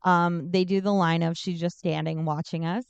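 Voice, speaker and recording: A woman co-hosting a podcast, chatting casually and telling stories in an animated way, with the odd swear word. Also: fairly low pitch, normal speed, clear, resonant tone, no echo, highs cut off. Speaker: podcast co-host. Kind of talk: casual chat.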